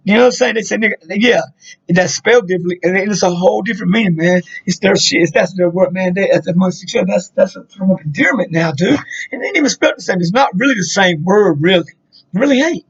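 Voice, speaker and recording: A man's voice: high-pitched, fast talker, husky. A man, telling a rambling, profane story in a casual monologue, full of fillers. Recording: dull lo-fi sound.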